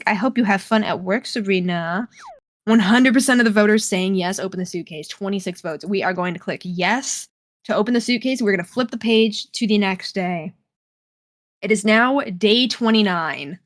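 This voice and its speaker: Captured in studio quality without echo, her mid-range voice carries a live game stream. Playful and dramatic, she talks to her chat and reads the in-game text out loud.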